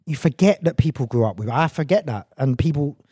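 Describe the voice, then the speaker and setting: A man's voice: medium pitch, expressive, fast, dark tone, slightly rough, dry recording, clean studio sound. A man talking as a guest in a casual interview, reflective and earnest, often restarting his sentences. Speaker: guest actor and director.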